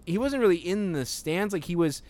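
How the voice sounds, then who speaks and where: A man's voice: high voice, animated, a little mellow. Rambling, laughing podcast co-host man. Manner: rambling, halting, swears freely, laughs often. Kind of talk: casual chat.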